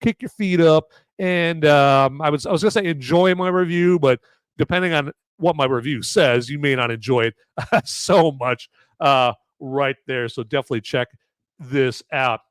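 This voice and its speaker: A man with a slightly high voice talks through a sore throat, rambling and joking on a casual live show. His voice sounds smooth and clear despite the sore throat. The sound is dry and close to the mic. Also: normal speed, no room sound. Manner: rambling, jokey, many fillers and restarts. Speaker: podcast host reviewing beer. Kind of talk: casual live-stream chat.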